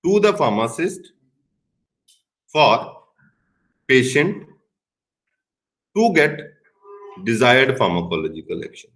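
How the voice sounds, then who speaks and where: A man's voice: medium pitch, huge pitch swings, slow, long pauses, a bit bright, poor audio. A middle-aged man with an Indian English accent giving a recorded pharmacy lecture, stressing key words and now and then slipping into Hindi. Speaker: pharmacy professor.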